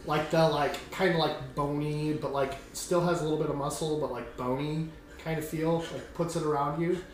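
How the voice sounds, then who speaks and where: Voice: mid-range voice, steady tone, moderate pace. A game master narrating a tabletop game in a rambling, scattered way. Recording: roomy, distant mic, faint hum.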